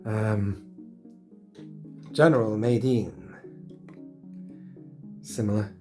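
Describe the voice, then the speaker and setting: A man's voice: fairly low pitch, fairly even intonation, very slow. Man, middle-aged, enthusiastic casual unboxing chat, faint background music. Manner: chatty, enthusiastic, talks to himself while unboxing. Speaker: collector vlogger. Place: home collection room.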